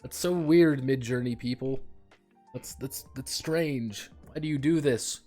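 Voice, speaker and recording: A man's voice: medium pitch, a little slow, mellow, soft background music. A young man chatting casually on a stream, blunt and rambling, with many restarts and laughs.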